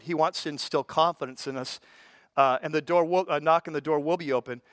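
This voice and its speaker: A man's voice: a little high, steady tone, quick pace, a bit bright, no room sound. An older man, a pastor, preaching a sermon in a conversational way, with folksy asides and frequent stammered restarts.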